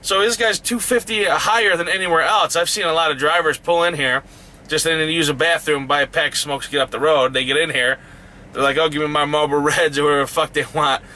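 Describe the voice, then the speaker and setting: A man's voice: fairly high pitch, fairly even intonation, quick pace, bright, forceful tone. A man who drives trucks, ranting angrily about a truck stop in a heated, profane, rising voice. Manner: heated, swears constantly, voice rising in outrage. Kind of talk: angry profane rant.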